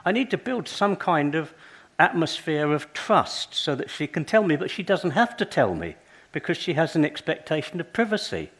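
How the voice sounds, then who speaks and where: A man's voice: a little high, moderate pace, breathy edge. An older man giving a conference talk, telling stories and acting out little dialogues. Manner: lively storytelling, acts out dialogues. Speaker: conference speaker.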